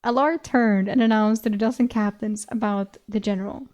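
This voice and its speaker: A woman's voice: mid-range voice, fairly even intonation, moderate pace, darkish tone. A woman streamer reading a fantasy novel aloud, laughing often and breaking off with casual asides. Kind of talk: audiobook reading with reaction commentary.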